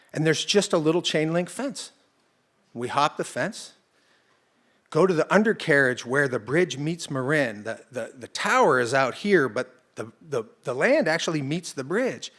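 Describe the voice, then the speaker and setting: A man's voice: medium pitch, expressive, measured pace, fairly bright tone. A man telling a true personal story on stage in a conversational, vivid present-tense way. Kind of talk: live first-person storytelling.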